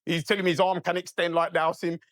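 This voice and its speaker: A man's voice: high voice, fast, no room sound, studio quality. Profane man telling a story. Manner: animated, profane, keeps asking "right?". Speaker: podcast guest. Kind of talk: casual storytelling.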